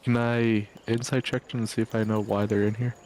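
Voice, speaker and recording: Casual male player at a tabletop game, quick delivery. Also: fairly low pitch, flat delivery, a little mellow, slight background noise.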